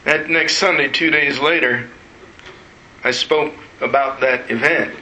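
Male pastor, sermon storyteller, slightly high voice, very bright tone. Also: steady tone, a little slow, a little hiss or hum. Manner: storytelling with emotional retelling. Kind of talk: sermon testimony. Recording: roomy echo.

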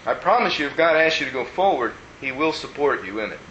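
A man preaching a sermon as pastor, telling stories in an animated way and acting out the people he quotes. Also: medium pitch, fast, muffled recording, slight background noise. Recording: roomy echo.

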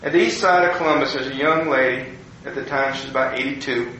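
An older man, a pastor, telling a personal story in a folksy, animated way. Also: mid-range voice, fast, muffled recording, slight background noise. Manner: folksy, animated storyteller, acting out quoted people. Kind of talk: personal story told to an audience. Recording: very echoey room, faint ambience.

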